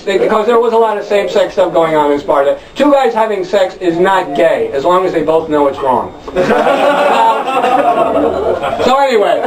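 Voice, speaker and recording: Wry high-voiced man telling a story on stage. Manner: rambling, wry, with loud shouted chants. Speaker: spoken word performer. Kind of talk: live storytelling monologue. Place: club stage with audience. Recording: echoey room from a distant mic.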